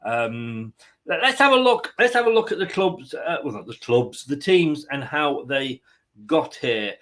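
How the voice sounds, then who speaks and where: A man's voice: fairly high pitch, sing-song, unhurried, fairly bright tone. A man hosting a fan live stream, chatting casually and rambling with jokey asides. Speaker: fan channel host.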